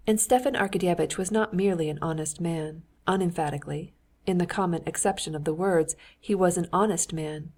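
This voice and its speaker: Woman audiobook narrator, low-pitched, measured, for literary fiction. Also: darkish tone. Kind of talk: scripted narration.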